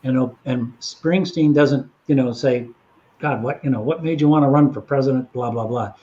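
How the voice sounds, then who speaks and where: A man's voice: mid-range voice, normal speed, dark tone, dull audio. A man telling long anecdotes in a casual chat. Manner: rambling anecdotal storytelling. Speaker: guest storyteller.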